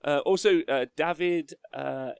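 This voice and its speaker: A man hosting a casual livestream podcast, chatty and quick to laugh as he reads the chat aloud. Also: a little high, gravelly, clear, resonant tone, dry recording. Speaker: podcast host.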